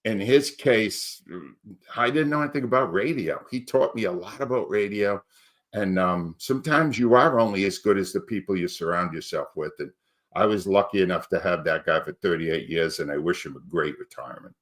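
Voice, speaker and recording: A man's voice: sits low, normal speed, a bit bright. A man in his sixties, a retired sports radio host, reminiscing in a casual interview.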